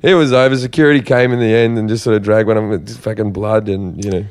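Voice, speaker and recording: A man, a podcast guest in casual chat, telling animated stories with swearing and jokey asides. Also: on the low side, fast.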